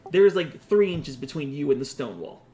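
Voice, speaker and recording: A man's voice: fairly high pitch, very animated, fairly quick, dark tone. A man narrating a tabletop game as game master, casual and laughing with asides to the players.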